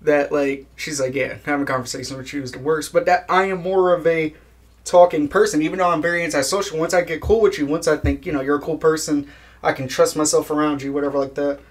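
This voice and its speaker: A man's voice: fairly high pitch, fairly even intonation, quick pace. A young man chatting casually in an interview, laid-back, swearing a lot and laughing at his own jokes. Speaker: guest musician.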